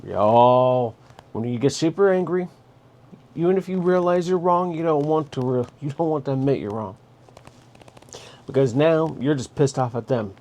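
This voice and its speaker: A man's voice: medium pitch, moderate pace, darkish tone, lo-fi sound. A man hosting a casual advice monologue, speaking bluntly and directly and telling listeners what to do. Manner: blunt, direct, giving orders. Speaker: host.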